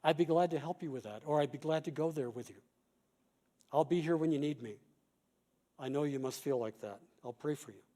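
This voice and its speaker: A middle-aged man speaks as a pastor giving a conference talk. His voice is mellow and warm and sits a bit high. He teaches in a calm, measured way, quoting examples. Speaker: pastor and chaplain.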